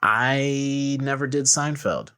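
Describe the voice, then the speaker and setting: A man's voice: medium pitch, slow, pushed and bright, clean tone. A young man co-hosting a podcast, joking and riffing through casual comedic chat. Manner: joking, riffing, frequent laughs. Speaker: podcast co-host.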